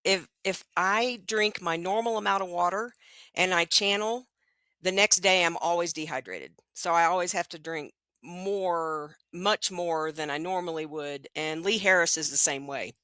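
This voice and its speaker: Woman guest channeler, bright dry voice, a bit low, earnest. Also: moderate pace, dry recording. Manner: earnest and affirming. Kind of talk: casual live chat. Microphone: video call mic.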